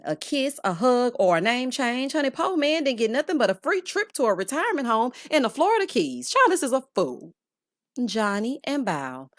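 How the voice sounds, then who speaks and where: A woman's voice: on the high side, no room sound, studio quality. A woman hosting a casual reality TV recap, sassy and chatty, calling viewers honey and child.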